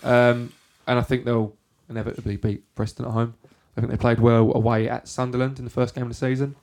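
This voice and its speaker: A man's voice: medium pitch, flat delivery, a little fast, a little mellow. A man leading a casual football chat with friends. He talks through the week's fixtures in an easy, matter-of-fact way, giving dry opinions as he goes. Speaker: podcast host.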